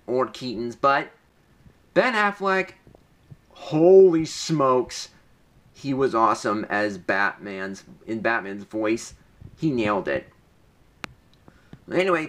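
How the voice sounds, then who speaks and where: A man's voice: medium pitch, pushed and bright. Eager young man rambling through a movie review. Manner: eager, rambling, frequent restarts. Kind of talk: casual movie review vlog.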